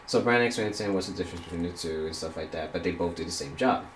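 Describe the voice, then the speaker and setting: A man with a low voice tells a rambling story while streaming a game, quoting people and swearing casually. His voice bounces around an echoey room, with a faint hum of noise behind it. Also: rapid-fire.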